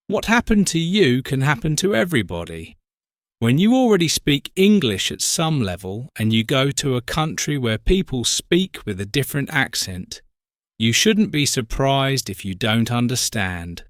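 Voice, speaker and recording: Guy reading an easy learner story, slow and clear, lots of ups and downs in pitch, dry close sound. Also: very animated, a bit bright, no echo. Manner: slow, clear, simple sentences. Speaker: story narrator. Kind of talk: graded-reader story narration for learners.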